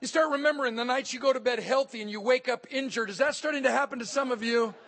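A faint crowd can be heard as a motivational speaker with a very high, fairly bright voice talks fast through a humorous speech at a hotel conference. He tells comic stories, performing the quoted voices himself.

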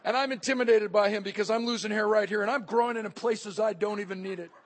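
A man's voice: sits high, fairly even intonation, fast. A man giving a humorous motivational speech at a hotel conference, telling stories and acting out the voices in them. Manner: comic storytelling, acting out quoted voices. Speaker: motivational speaker.

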